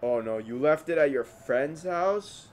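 Excitable man reacting out loud. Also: a little high, unhurried, a little hiss or hum. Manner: talks back to the screen, excitable outbursts and mumbled asides. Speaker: reaction video host. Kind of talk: casual reaction commentary.

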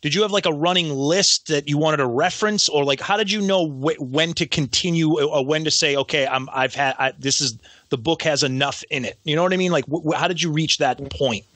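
A man co-hosts a podcast and asks long, rambling questions that keep restarting. His voice is bright and a little high. The sound is dry and close. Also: brisk, dry recording. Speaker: podcast co-host. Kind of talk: casual podcast interview.

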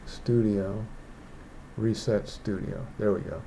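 A man's voice: fairly low pitch, steady tone, takes it slowly, creaky, mellow. A man who is a digital artist, rambling and thinking aloud as he walks through a casual painting tutorial indoors. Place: indoors, rain outside.

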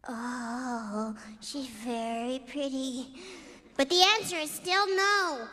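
A high, bright young girl speaks slowly and sincerely, wide-eyed and principled. A long room reverb trails her words. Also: exaggerated voice. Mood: earnest. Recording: roomy reverb.

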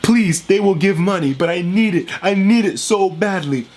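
A man's voice: high-pitched, moderate pace, darkish tone, voice pushed up, close to an everyday voice. A man putting on the voice of a greedy male YouTuber who begs his fans for money, whining and pleading. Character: whiny begging male YouTuber, greedy and needy.

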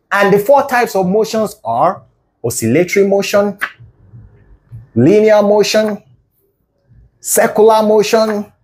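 A man's voice: fairly high pitch, darkish tone. Playful Nigerian man, mock lecturing. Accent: Nigerian Pidgin English. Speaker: comedic video creator. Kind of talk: comedic storytelling monologue.

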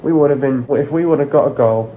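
A man's voice: mid-range voice, fast talker, narrow, tinny audio, a little hiss or hum. A man giving a frustrated match analysis on his vlog, blunt, sweary and repeating his complaints. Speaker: football fan vlogger.

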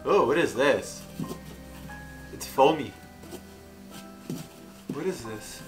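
A young adult man hosting a casual unboxing vlog, excitable, reacting loudly and swearing. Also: mid-range voice, drawn-out words, loud music behind the voice. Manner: excitable, swears and yelps when hurt. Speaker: YouTube host.

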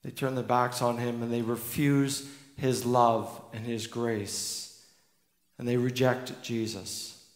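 A man's voice: mid-range voice, fairly even intonation, takes it slowly. A man preaching a sermon as pastor, earnest and emphatic, repeating key lines for weight. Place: church sanctuary. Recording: echoey church hall with long reverb.

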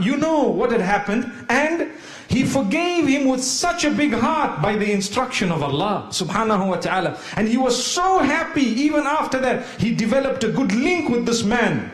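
A man's voice: extremely high pitch, roomy sound. A man preaching a sermon, telling humorous stories and asking rhetorical questions.

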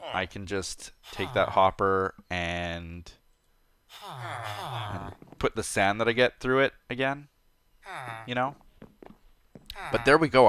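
A man giving casual let's-play commentary as a gameplay host, playful, chatty and easily excited. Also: lowish voice.

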